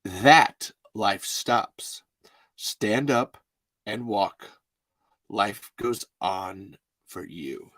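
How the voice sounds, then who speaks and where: A man hosting a podcast, chatting casually and excitably, rambling and laughing as he reads listener messages. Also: lowish voice, very slow, no room sound. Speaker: podcast host.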